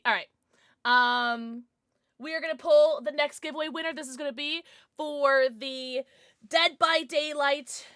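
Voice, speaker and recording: A young woman streamer chatting casually and excitedly to her viewers, now and then cooing at her dog in baby talk. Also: sits high, measured pace. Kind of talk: casual livestream chat.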